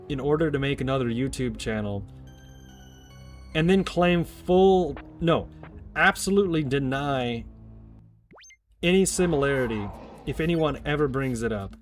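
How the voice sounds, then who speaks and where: A man streaming a game, chatting casually in a rambling, jokey way with plenty of swearing. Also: medium pitch. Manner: rambling, profane, jokey asides. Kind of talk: casual chat while gaming.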